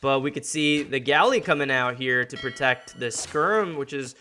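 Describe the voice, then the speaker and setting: A man's voice: mid-range voice, normal speed, pushed and bright, a little hiss or hum. A man streaming from home, casting a strategy-game match with loose, jokey commentary that rambles and restarts. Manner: rambling, jokey, laughs often. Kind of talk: casual live game commentary.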